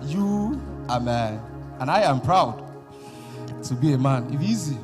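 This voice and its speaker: A man with a Nigerian accent performing dramatic, rhythmic spoken word poetry at a conference, with long pauses between phrases. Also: mid-range voice, animated. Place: large conference hall. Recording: hall reverb with music bed.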